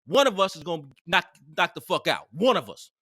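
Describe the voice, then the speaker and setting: Man, casual storyteller, animated and profane, high pitched voice, close dry sound. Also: a little fast, dry recording.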